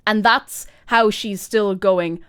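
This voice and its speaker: A woman streaming a video game, spinning rambling, excited jokey stories. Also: mid-range voice, takes it slowly, clean tone. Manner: excited, rambling, laughing asides.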